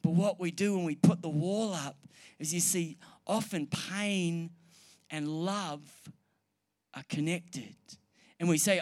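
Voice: medium pitch, takes it slowly, a little mellow. Earnest preacher who repeats for emphasis. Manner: mixes light humor and banter with the room. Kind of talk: sermon to a live congregation. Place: church hall or meeting room with an audience.

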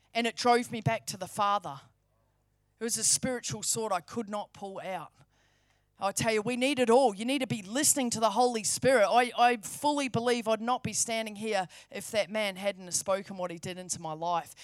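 A woman's voice: on the high side, no echo, studio quality. A woman preaching a sermon, fervent and emphatic, repeating key phrases for stress.

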